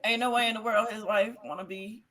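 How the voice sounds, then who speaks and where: A woman co-hosting a podcast in casual, slangy chat, quick with opinions. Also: on the high side, fairly even intonation, a crowd in the background. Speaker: podcast co-host.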